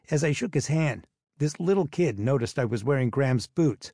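A man's voice: medium pitch, expressive, normal speed, dark tone, dry recording, clean studio sound. A man narrating a first-person audiobook in a wry, sullen tone.

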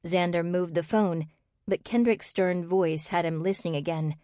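A woman reading an audiobook as its narrator, telling the story in a steady, measured way. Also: fairly low pitch, no echo, clean studio sound. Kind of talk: scripted narration.

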